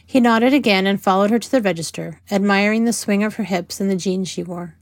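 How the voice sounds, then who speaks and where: A woman's voice: medium pitch, fairly quick, no echo. Woman narrating in a dry, close voice. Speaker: audiobook narrator. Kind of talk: scripted narration.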